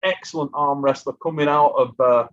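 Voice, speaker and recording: Tired from too little sleep, a man hosting a casual armwrestling live stream chats away and reads viewer super chats aloud. His voice is on the high side with fairly even intonation and a moderate pace, heard through muffled lo-fi stream audio.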